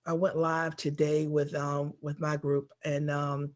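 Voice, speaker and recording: A woman's voice: low-pitched, little pitch movement, a little slow, a little mellow. A woman who took a workshop, sharing her experience casually and hesitantly over a video call, with many ums. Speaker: workshop participant.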